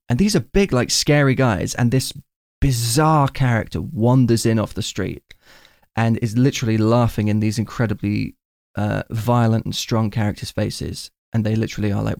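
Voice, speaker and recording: Male podcast host, gravelly, enthusiastic film buff, dry close sound. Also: mid-range voice, normal speed, a little mellow, no echo. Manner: enthusiastic, retells scenes at length. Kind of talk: casual film discussion.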